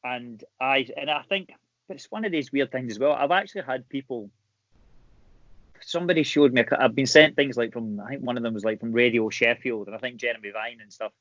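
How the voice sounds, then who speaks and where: A Scottish man talks easily and candidly as a podcast guest, quick to laugh. He is heard over a video call from his home, so his voice sits in a dry space with a dull, muffled band. His pitch is in an ordinary middle range. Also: a bit bright, dry recording. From Scotland. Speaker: guest actor. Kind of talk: casual podcast interview.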